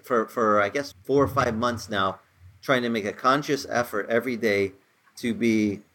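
A man's voice: medium pitch, a bit bright. A man in his sixties preaching a casual, conversational sermon, telling stories with rising emphasis. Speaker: pastor.

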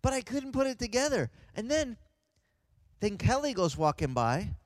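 A man who is a pastor, telling a lively personal story and acting out the voices of the people in it. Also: very high voice, moderate pace, dry recording. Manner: animated, acts out voices of others. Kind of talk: storytelling anecdote.

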